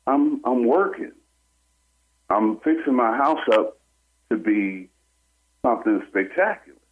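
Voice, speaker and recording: A man calling in to a radio show, telling a personal story in an animated way and acting out what other people said. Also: medium pitch, a little slow, husky. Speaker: caller. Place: on a phone call into a radio show. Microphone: telephone. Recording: tinny phone line.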